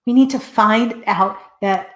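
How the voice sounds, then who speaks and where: A woman's voice: medium pitch, measured pace, fairly bright tone. A woman hosting a talk show, delivering a passionate motivational speech in a repetitive, rallying cadence. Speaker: host. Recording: echoey room.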